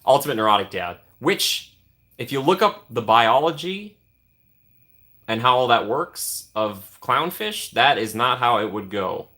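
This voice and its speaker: A man's voice: medium pitch, sing-song, unhurried, pushed and bright. A young man casually chatting on a live stream, reading and answering viewer comments with playful teasing.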